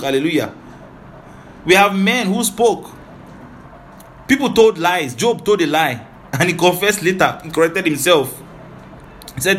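A man preaching a Bible teaching sermon, talking quickly and animatedly, often checking in with "right?" and "hallelujah". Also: sits high, fairly bright tone, a little hiss or hum.

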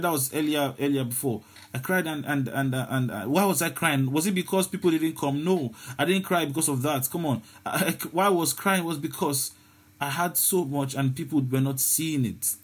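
A man's voice: a little high, husky. A man preaching a sermon, often repeating words and restarting his sentences.

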